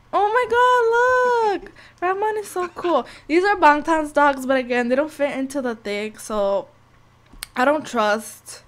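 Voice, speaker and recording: A young woman giving casual, profane, excitable commentary over a life-sim game, scolding the characters as she plays. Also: fairly high pitch. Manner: profane, excitable, talks to the sims. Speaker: gameplay commentator. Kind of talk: casual let's-play commentary.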